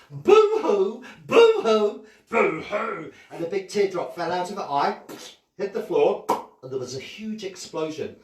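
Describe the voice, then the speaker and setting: Animated man telling a children's story. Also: on the high side, echoey room, far from the mic. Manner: animated, playful, asks kids questions. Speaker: children's entertainer.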